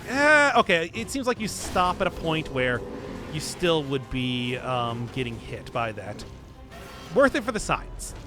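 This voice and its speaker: A man's voice: mid-range voice, lively intonation, measured pace, music in the background. A man streaming a video game, chatting casually and rambling with self-mocking humor. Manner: rambling, self-mocking, laughs at his own jokes. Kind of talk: casual gameplay commentary.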